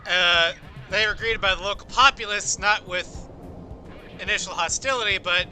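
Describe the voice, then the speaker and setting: Bright, high-voiced man streamer chatting. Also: moderate pace, soft background music. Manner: rambling, musing history talk with fillers. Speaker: livestreamer. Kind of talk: casual chat while gaming.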